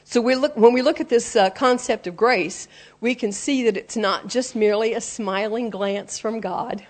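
A woman's voice: on the high side, moderate pace. A woman preaching a sermon, explaining the roots of words and quoting scripture in an earnest teaching tone.

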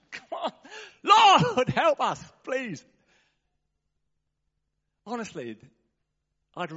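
A man preaching a sermon in a church, talking in a conversational, animated way and calling out to the congregation. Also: very high voice, highs cut off.

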